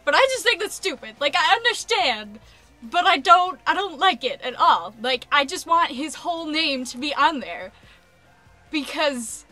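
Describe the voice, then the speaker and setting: A young adult woman vlogging a casual rant, animated and exasperated, peppering her speech with "like.". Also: on the high side.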